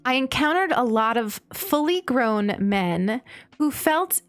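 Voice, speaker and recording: A young woman with an American accent chats away as she streams, her fairly high voice leaping up and down as she giggles through stories. The sound is close and dry, with faint game music in the background. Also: takes it slowly, no room sound. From United States. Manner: chatty, giggly, animated storytelling. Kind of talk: casual chat while gaming, reading chat.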